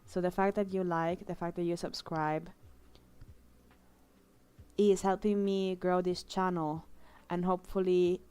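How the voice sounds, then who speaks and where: Young woman art streamer, smooth clear voice, sincere and halting, casual live chat. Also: fairly low pitch, level tone, a little mellow. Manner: emotional, heartfelt, halting with fillers.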